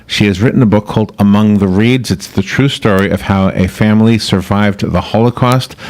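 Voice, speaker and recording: A man hosting a radio interview in a chatty, loose way, often restarting his sentences. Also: lowish voice. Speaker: radio host.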